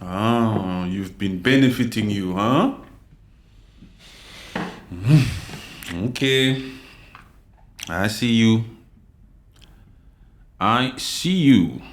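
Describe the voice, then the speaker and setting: A man from the DR Congo hosts a livestream with heated commentary. His talk is forceful and full of repetition, and he speaks straight to the people in his chat. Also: lowish voice, animated, extremely slow, pauses often. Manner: forceful, repetitive, addresses chat viewers directly. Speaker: livestream host.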